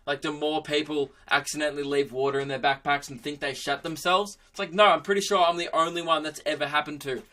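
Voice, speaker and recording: Brief: young Aussie comic, sweary rambling solo podcast, bright lively tone. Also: male voice, on the high side, fast, hardly any pauses. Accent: Australian. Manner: rambling, swearing, self-mocking. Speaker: comedian podcast host. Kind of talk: comedic monologue.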